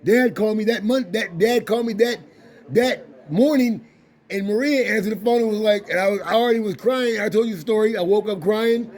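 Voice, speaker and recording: A man's voice: high voice, fairly quick, a little mellow. A man telling a family story in a casual, emotional way, repeating phrases and restarting his sentences. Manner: repetitive, restarts phrases, insistent.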